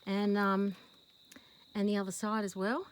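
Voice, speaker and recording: An Australian woman vlogging outdoors with a handheld phone camera, chatting rambly and calling her horse in a high sing-song voice. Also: little pitch movement, unhurried, slight background noise, poor audio. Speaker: horse owner filming her rescue horse. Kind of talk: casual vlog to camera. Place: outdoors in a paddock.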